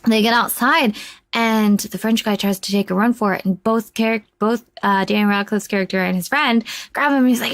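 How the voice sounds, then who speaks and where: A woman giving a casual spoken movie review, rambling and chatty with many fillers, animated as she retells scenes. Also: a little high, normal speed, no room sound.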